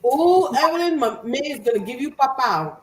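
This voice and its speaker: A woman's voice: sits high, lively intonation, a little fast. A woman co-hosting a casual livestream, reading viewer comments aloud and greeting viewers by name. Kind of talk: casual chat. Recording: echoey room with clear background noise.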